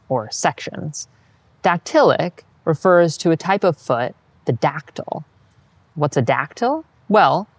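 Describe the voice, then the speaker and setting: A patient Latin teacher reads a scripted lesson in a medium-pitched voice with no echo, modeling each phrase and then encouraging the listener to say it back.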